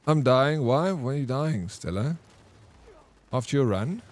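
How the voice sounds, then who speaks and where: A man's voice: mid-range voice, expressive, a little slow. A South African man chatting casually with his viewers during a live game stream, reading and answering their comments. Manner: chatty, laid-back, reads and answers chat.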